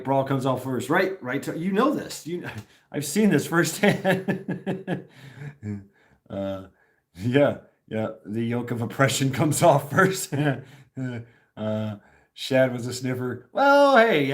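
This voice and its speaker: A man's voice: mid-range voice, animated, a little slow. A middle-aged man from Tennessee hosting a casual live stream, rambling, swearing and laughing often as he reads comments.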